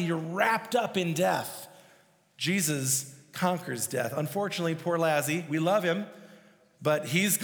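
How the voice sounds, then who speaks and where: A male pastor preaching a sermon in a conversational, emphatic way with casual asides. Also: a little high. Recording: long reverb of a hall.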